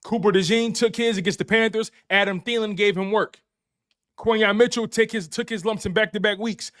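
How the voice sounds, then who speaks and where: A man's voice: high voice, steady tone, a little fast, a bit bright. A man hosting a live-stream sports recap, hyped and talking straight to his chat, repeating phrases for emphasis. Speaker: sports show host. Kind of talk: excited live-stream recap with super chats.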